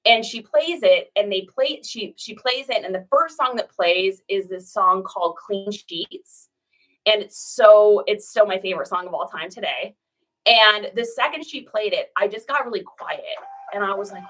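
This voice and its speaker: A woman's voice: mid-range voice, a little fast, fairly bright tone, far from the mic, poor audio. A woman in her forties from Washington State, chatting casually in a rambling way while packing orders, and breaking off now and then to talk to her pet. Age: 40s. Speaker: online reseller host.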